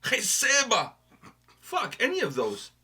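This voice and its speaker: A man's voice: a little high, fairly quick. A man from Portugal co-hosting a music reaction, chatting casually and joking, with some swearing. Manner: animated, joking, swearing, trailing off into quieter asides. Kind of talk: casual chat.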